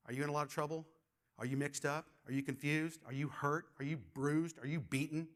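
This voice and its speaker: A man's voice: on the high side, brisk. A middle-aged man preaching a sermon, telling stories with lots of energy and often repeating words as he gets going. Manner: animated storytelling, repeats words when excited. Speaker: pastor.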